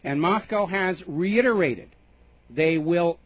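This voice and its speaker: A man's voice: high voice, takes it slowly, dry recording, muffled recording. A man hosting a radio talk show, delivering an emphatic, indignant political commentary monologue with sarcastic asides.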